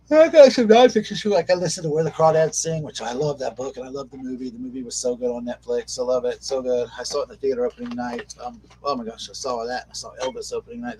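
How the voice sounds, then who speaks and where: A man's voice: mid-range voice, husky, poor audio. A man chatting casually on a home live stream, rambling and often interrupting himself.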